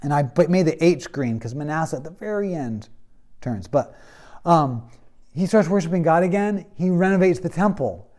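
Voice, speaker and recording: A man's voice: on the high side, lively intonation, moderate pace, darkish tone. Conversational male Bible teacher. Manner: conversational storytelling with many fillers. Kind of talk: classroom lecture.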